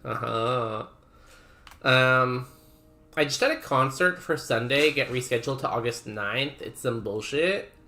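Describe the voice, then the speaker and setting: A man's voice: medium pitch, unhurried, bright, forceful tone, slight background noise. Chatty male streamer reading chat. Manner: chatty, rambling, reads chat aloud. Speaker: game streamer. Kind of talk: casual live-stream chat.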